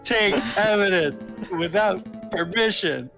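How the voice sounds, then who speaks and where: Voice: mid-range voice, slow, creaky, faint music behind. A game streamer bantering and teasing their co-player. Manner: teasing, giggly, animated. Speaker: gaming streamer. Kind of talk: casual let's-play banter.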